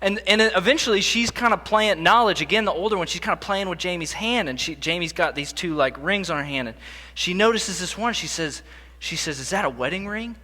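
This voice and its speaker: A man's voice: sits high, a little fast, pushed and bright. A young man giving a storytelling conference talk, conversational with self-deprecating humor, on a stage microphone in a large hall. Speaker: conference speaker. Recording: long hall reverb.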